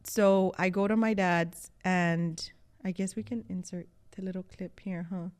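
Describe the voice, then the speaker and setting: Lively low-voiced woman telling a story. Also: a little slow. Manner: animated storytelling, acts out quotes. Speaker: podcast co-host. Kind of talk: casual chat.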